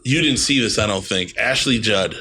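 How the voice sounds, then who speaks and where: A man's voice: fairly low pitch, moderate pace, pushed and bright, slight background noise. A man in his thirties co-hosting a casual podcast, blunt and ranting, swearing freely. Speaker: podcast co-host. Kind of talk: casual profane chat.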